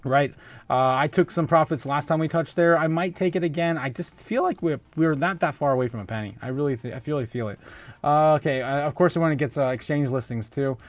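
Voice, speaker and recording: A man with a somewhat high voice hosts a casual livestream and reads out viewer comments. He laughs a lot and stumbles through restarts and filler sounds. The recording is dry and close, with no room sound. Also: brisk, dry recording. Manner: chatty, laughs often, many filler "uh"s and restarts. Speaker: host of a crypto livestream.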